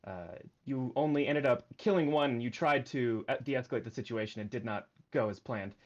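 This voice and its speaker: Male GM, mid-pitched, halting recap delivery, muffled stream mic. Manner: hesitant, many uh fillers. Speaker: game master. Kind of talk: narrating a tabletop game stream.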